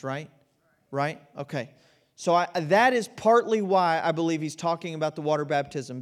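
A man preaching a sermon in an auditorium, in a conversational style with frequent "right?" asides. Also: high voice. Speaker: pastor.

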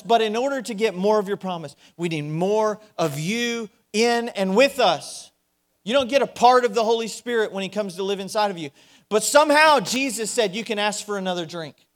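A man preaching a sermon, moving between loud, urgent emphasis and hushed, quiet passages, often repeating key phrases. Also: high-pitched, normal speed.

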